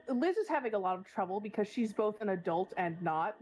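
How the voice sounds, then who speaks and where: A woman's voice: mid-range voice, a little mellow, rough recording. A woman player in a tabletop game, talking in an eager, chatty way.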